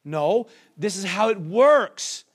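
A pastor delivering a sermon to his congregation, repeating questions and calling out for people to answer. He is a man with a high-pitched voice that climbs as he presses his points. He acts out the voices of doubters and church members in quick asides. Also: lively intonation, husky. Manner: call-and-response preaching, rhetorical questions, acts out quoted voices.

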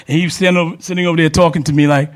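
A man's voice: a little high, steady tone, racing. An older man, a guest at a live show, telling a chuckling anecdote in casual chat.

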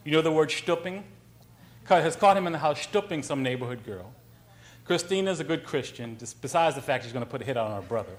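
A man, an author, giving a talk and telling a story in a conversational, animated way, with frequent restarts. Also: a little high, a little fast. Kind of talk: lecture with storytelling.

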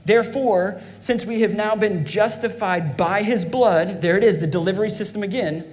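A man's voice: sits high, moderate pace, few pauses, darkish tone. A man preaching a fervent sermon as pastor, calling out to his congregation. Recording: long hall reverb.

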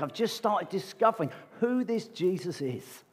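A man delivers a sermon with a husky, slightly raised voice. He talks to the congregation in a conversational way and keeps asking them rhetorical questions. His words ring out with the long reverb of a large hall. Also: high-pitched, expressive, normal speed, darkish tone. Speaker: preacher. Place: church meeting hall.

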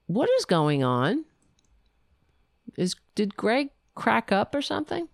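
A middle-aged woman hosts a casual political livestream, bluntly ranting and chatting with both her viewers and her cats. Her mid-range voice swings hugely in pitch, moves slowly, and carries vocal fry, with no echo in the recording.

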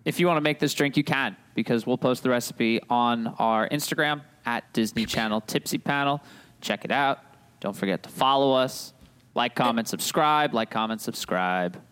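A man hosts a casual podcast with a rambling, joking manner. He pokes fun at himself and keeps the chat loose. His voice sits at an ordinary middle pitch. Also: normal speed, a bit bright, clear, resonant tone. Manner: joking, rambling, self-deprecating. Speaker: podcast host.

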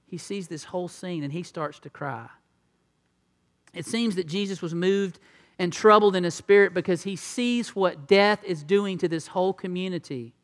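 A preacher delivers a conversational sermon in a fairly high voice, acting out the lines of the people he describes. His voice rings out with a long hall reverb, as if captured in a large church. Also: a bit bright. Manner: conversational, acts out quotes. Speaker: pastor.

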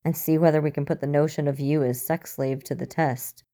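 A woman's voice: low voice, steady tone, a little fast, dark tone. A woman voicing a shaky, hungover male agent with dry humor, in a storybook reading. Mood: wry. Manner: wry.

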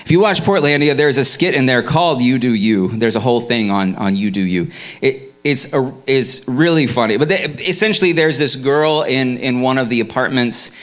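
A man's voice: medium pitch, expressive, normal speed, a bit bright. A man preaching a sermon in a conversational way, full of restarts and fillers. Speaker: pastor.

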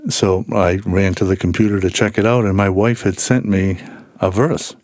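A man's voice: deep voice, moderate pace, dry recording, clean studio sound. A middle-aged man telling stories in a casual chat, acting out the people he quotes. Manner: animated storyteller who acts out quoted people. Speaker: guest.

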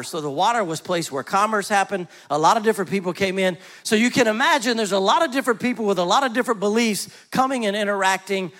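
High-voiced man preaching a sermon. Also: a bit bright. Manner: conversational storytelling, slows for emphasis. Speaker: pastor.

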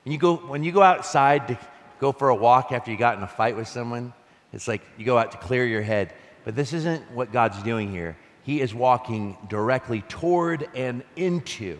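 A male pastor preaching a conversational, animated sermon, reading scripture and laughing between points. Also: mid-range voice, long reverb tail.

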